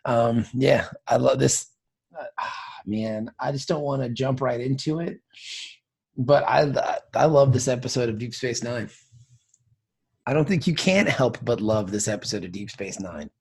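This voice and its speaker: A man hosting a podcast in casual, jokey chat, animated and quick to joke. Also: mid-range voice, gravelly, husky. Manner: animated, jokey, breaks into singing. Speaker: podcast host.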